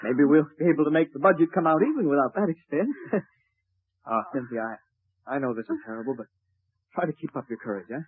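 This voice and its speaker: A wisecracking doctor. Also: male voice, fairly high pitch, lively intonation, a little fast, husky. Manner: wisecracking, joking. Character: wry young country doctor Bob. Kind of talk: 1940s radio acting. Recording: tinny old radio transcription.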